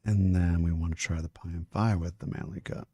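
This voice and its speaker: A man's voice: low voice, steady tone, brisk, dark tone, breathy edge, dry recording. A man, a music producer, chatting casually and rambling as he masters a song live, swearing now and then. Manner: talks while chewing. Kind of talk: casual livestream talk while mastering.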